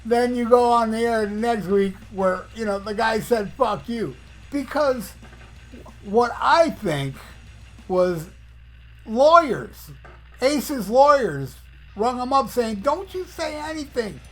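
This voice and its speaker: High-voiced man in a blunt, profane rant. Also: expressive, takes it slowly. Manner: blunt, profane ranting fan. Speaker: podcast host. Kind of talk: casual monologue.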